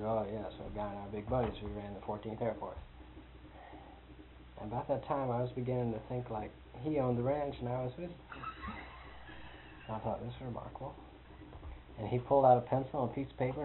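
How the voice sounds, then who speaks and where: Storyteller, man, rambling and amused, tinny lo-fi recording with hiss. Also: medium pitch. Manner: rambling, amused, chuckles often. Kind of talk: personal storytelling.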